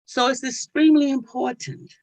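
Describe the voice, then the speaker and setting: A woman whose first language is not English, giving deliberate advice on an online panel. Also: high-pitched, steady tone, darkish tone, no echo, rough recording. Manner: deliberate, advisory.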